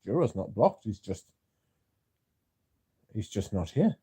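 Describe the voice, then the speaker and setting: Dry-witted man with a dark, mellow voice. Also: on the low side, very animated, slow, breathy edge, no room sound. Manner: dry, sardonic banter with chat. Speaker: livestream host. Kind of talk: casual livestream chat, reading viewer comments aloud.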